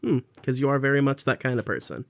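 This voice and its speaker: A young man co-hosting a podcast in casual chat, telling animated stories, laughing often and acting out quotes. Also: medium pitch, fast, vocal fry, highs cut off. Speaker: podcast co-host.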